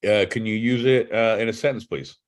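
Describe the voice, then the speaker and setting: A man's voice: fairly low pitch, a little fast. A man co-hosting a podcast, swearing a lot and teasing his partner in casual comedic banter. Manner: profane, teasing, animated. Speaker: podcast co-host.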